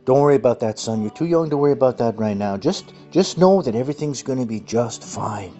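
A man voicing a smug, scheming father who soothes his son in a low, hushed, patronizing tone. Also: lively intonation, fairly quick, natural voice. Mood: condescending. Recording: muffled audio with faint music.

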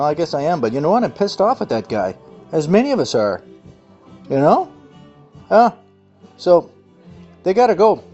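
A man hosting an activist livestream, talking in an excitable, rambling way full of fillers. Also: medium pitch. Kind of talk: excited casual monologue. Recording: muffled audio with faint music.

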